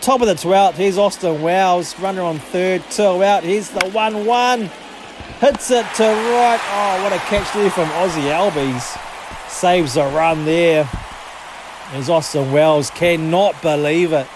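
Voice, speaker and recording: A man doing excitable, sweary, jokey play-by-play commentary over a baseball video game he is playing as a gaming channel host. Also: high voice, unhurried, noisy background.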